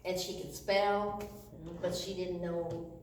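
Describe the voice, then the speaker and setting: A woman's voice: fairly low pitch, level tone, takes it slowly. A woman telling caregiving stories in casual chat, laughing as she talks. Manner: chatty, laughs while telling. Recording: echoey room, far from mic, noisy.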